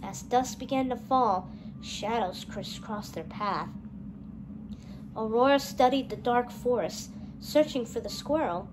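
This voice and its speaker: A woman reading a children's storybook aloud, gentle and expressive. Her voice sits high. Faint noise runs under the reading. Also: a little slow.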